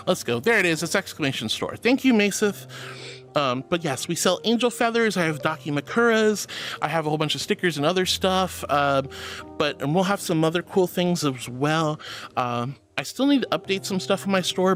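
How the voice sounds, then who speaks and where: A man's voice: fairly high pitch, animated, moderate pace, fairly bright tone, faint music behind. A young man streaming, reading chat messages aloud in an affectionate, theatrical way, calling viewers honey and sweetie.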